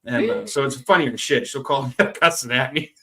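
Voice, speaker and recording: A middle-aged man from Florida hosting a live Q&A, reading out viewer comments in a relaxed, profane, laugh-filled way. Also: mid-range voice, brisk. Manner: relaxed, swears freely, laughs often. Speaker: host of a live Q&A stream.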